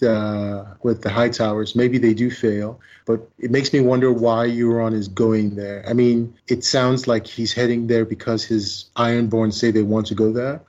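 Brief: male podcast co-host, mid-pitched, thoughtful and speculative, slightly dull lo-fi sound. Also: darkish tone. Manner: musing, speculative. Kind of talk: casual podcast discussion.

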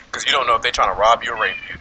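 A man's voice: medium pitch, fast talker, a little hiss or hum, poor audio. A man hosting a podcast in casual chat, telling stories with lots of laughs while eating. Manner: animated storytelling, laughs a lot. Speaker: podcast host.

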